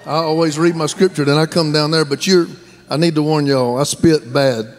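A man in his fifties with a Southern American accent, a guest pastor preaching a sermon in a folksy, joking way that rises to shouted fervor. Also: on the high side, steady tone, normal speed, faint music behind. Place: large church sanctuary.

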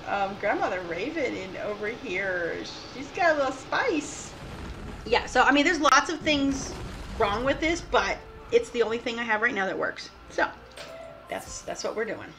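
A woman casually commenting on her gameplay at home, giggly and playful, recorded through a laptop mic. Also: a little high. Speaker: game streamer. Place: home room. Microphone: laptop mic, headphones on.

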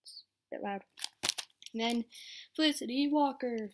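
A young woman with a slightly high voice chats casually between voice auditions. She sounds upbeat and keeps apologizing. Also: normal speed, pauses often, a little mellow. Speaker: voice actor auditioning.

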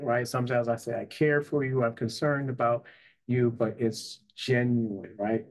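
A man's voice: medium pitch, a little mellow. A man, a psychotherapist and life coach, telling his personal story in an earnest, conversational way, often asking "right?". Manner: earnest, with frequent "you know" and "right?".

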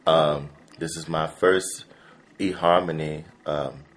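A man playing a nervous, overemotional basketball player recording a dating video in a comedy sketch, halting with lots of ums. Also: very deep voice, steady tone, full character voice. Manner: halting, full of ums, breaking into tearful wailing.

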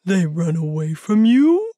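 A woman voicing a kind, gentle male bear who talks in a calm, reassuring way, in a children's audiobook. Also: on the low side, breathy edge, no room sound, studio quality, heavily acted. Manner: warm, calming, slow and reassuring.

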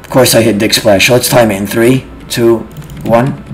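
A man streaming games live, chatting casually with profane trash talk and bursts of shouting. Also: medium pitch, fairly even intonation, normal speed, a little hiss or hum, low-quality recording. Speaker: game streamer. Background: music.

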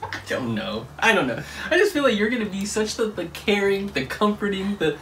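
A man's voice: high-pitched, sing-song, a little fast, a bit bright, distant mic, a little hiss or hum. A young man co-hosting a couple's vlog, chatting casually and teasing through a party game, laughing often. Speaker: co-host of a couple channel.

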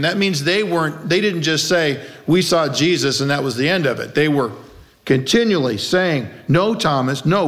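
A man's voice: on the high side, fairly bright tone. A male pastor preaching a conversational sermon, asking rhetorical questions and acting out quoted lines in character voices. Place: church.

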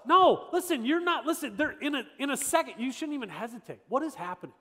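Male pastor with a high voice, conversational and emphatic, preaching a sermon, recorded with long church reverb. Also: expressive, fast talker, bright, forceful tone. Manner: conversational, emphatic, repeats rhetorical questions. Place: church sanctuary.

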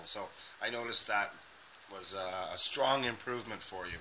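A man's voice: on the low side, moderate pace, bright, forceful tone, slight background noise, low-quality recording. A man coaching a student on pronunciation, giving encouraging feedback and over-articulating sounds. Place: indoors, dim lighting.

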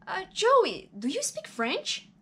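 A woman's voice: very high voice, wildly swooping pitch, takes it slowly, pushed and bright, pitched above the performer's own voice, heavily acted. A woman reading a polite audition director.

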